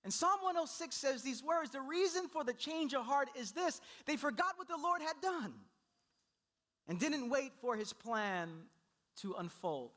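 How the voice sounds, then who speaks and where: A man preaching a sermon, telling the story with animated delivery and acting out the people he quotes. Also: very high-pitched, unhurried. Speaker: pastor.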